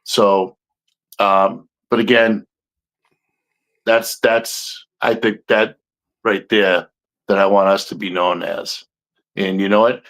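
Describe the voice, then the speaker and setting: Male podcast co-host, slightly low voice, earnest and rambling delivery. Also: flat delivery, slow pace, pauses often, a bit bright, poor audio. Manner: earnest, rambling, frequent restarts. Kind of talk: casual chat.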